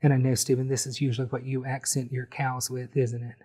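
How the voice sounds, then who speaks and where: A man calmly talking through a step-by-step painting tutorial, explaining each brushstroke as he goes. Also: medium pitch, husky. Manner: friendly, unhurried, explains each brushstroke as he works. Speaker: painting instructor.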